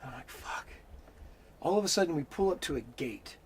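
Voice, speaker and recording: Animated storytelling man, slightly high voice. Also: quick pace, slight background noise. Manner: animated, swears freely, acts out the voices in his story. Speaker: interview guest. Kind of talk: casual storytelling.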